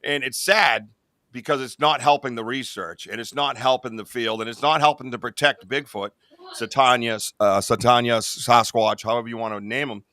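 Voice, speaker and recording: A man's voice: mid-range voice, steady tone, normal speed, sharp tone, no echo. A man hosting a podcast in casual chat, rambling with lots of "you know what I mean.". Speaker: podcast host.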